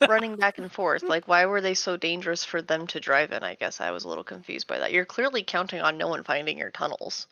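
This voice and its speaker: A woman talking on a podcast over a video call, her voice lowish, gravelly and bright. She tosses in dry, wry remarks. The sound is dull and lo-fi, dry and close. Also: animated, fast talker, hardly any pauses, dry recording. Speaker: podcast co-host. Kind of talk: casual chat.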